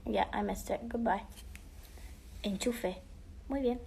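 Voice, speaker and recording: A woman's voice: a little high, fairly even intonation, takes it slowly, vocal fry, pauses often, darkish tone. A teenage girl casually answering fan questions on a livestream, chatty and bubbly, slipping between English and Spanish and often dropping to a whisper. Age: teens.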